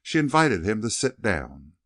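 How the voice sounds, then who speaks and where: A man narrating a western novel in an expressive storytelling manner, recorded close to the mic. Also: lowish voice, measured pace, no echo. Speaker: audiobook narrator.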